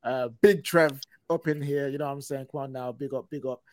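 A man hosting a casual faith podcast, talking in quick excited bursts and speaking to viewers. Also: medium pitch. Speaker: podcast host.

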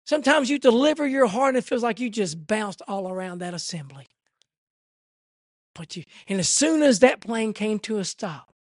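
A man preaching a sermon in an impassioned, repetitive way that swells toward near shouting. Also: high-pitched, animated, normal speed, dry recording, clean studio sound.

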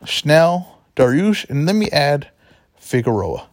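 A man hosts a casual sports betting talk show, chatty and rambling, correcting himself as he goes. His fairly high voice is very animated but slow, recorded dry with clean studio sound.

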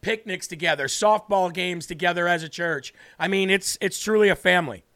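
Guy with a high voice doing an earnest bible study stream, leans hard on words, reads verses slow. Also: a bit bright. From northern United States. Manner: earnest, emphatic, reads scripture slowly. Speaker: host and preacher. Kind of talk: livestream Bible teaching.

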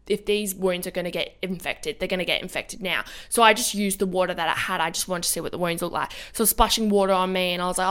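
A woman's voice: lowish voice, fairly even intonation, fast, hardly any pauses, fairly bright tone. A young woman, a podcast co-host telling a story in casual chat, rambling and swearing a lot.

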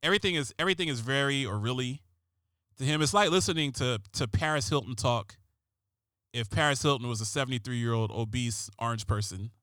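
Man, radio host, sarcastic ranting, rambling, repeats words, middling pitch, dry close mic. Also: a little fast, clean tone, dry recording. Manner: rambling and sarcastic, repeats and restarts words, jumps louder and higher on punchlines. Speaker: radio talk show host. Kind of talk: comedic political rant.

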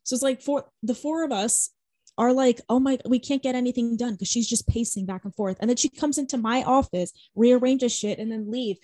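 Young woman, podcast co-host, casual chat, slightly high pitch, dry close sound, animated and swears a lot. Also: brisk, dry recording. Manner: animated storytelling, swears, heavy use of "like".

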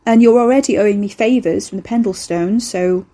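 A woman's voice: medium pitch, a little fast, mellow, close to an everyday voice. Woman voicing an exasperated young woman. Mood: incredulous. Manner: incredulous, exasperated.

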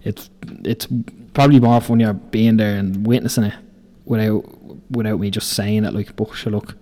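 A podcast host who's a young Irish man in his twenties speaks at a normal speed, his voice low-leaning and warm with fairly even intonation. He rambles through profane building-site stories, laughing along in a casual storytelling manner.

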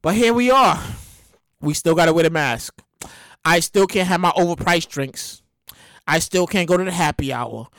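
A woman's voice: low voice, moderate pace, no room sound, clean studio sound. A woman hosting a podcast in casual comedic commentary, exclaiming and repeating herself. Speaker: podcast host.

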